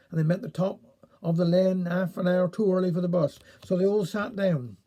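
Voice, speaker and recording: A man with a Cornish accent reading a dialect story aloud in an unhurried, homely way. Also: high voice, mellow.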